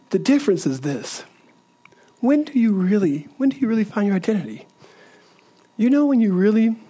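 An earnest pastor delivers a sermon, doubling back on phrases and building toward each point. The delivery comes in urgent bursts that ease into softer asides. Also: medium pitch, breathy edge.

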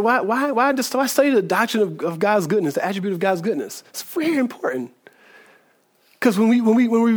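A man preaching a sermon in a conversational way, often repeating words and checking in with "right?". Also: high-pitched. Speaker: pastor.

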